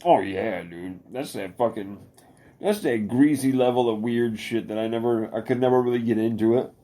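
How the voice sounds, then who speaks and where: A middle-aged man chatting casually as a podcast co-host, swearing a lot and talking in animated bursts. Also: moderate pace. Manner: profane, animated, bursts into high falsetto singing. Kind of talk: casual chat.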